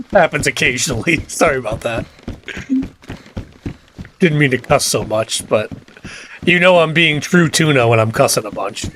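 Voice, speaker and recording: A man's voice: medium pitch, animated, unhurried, pauses often, a bit bright, a little hiss or hum. A middle-aged man, chatting casually on a game livestream and ranting with cussing. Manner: fired-up ranting with cussing and laughs. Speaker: livestream gamer.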